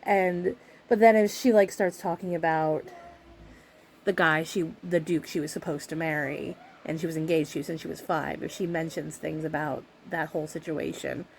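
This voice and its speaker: A woman's voice: low voice, darkish tone, a little hiss or hum. A woman vlogging at home, chatting casually to camera about a book she dislikes, sarcastic and exasperated, laughing often.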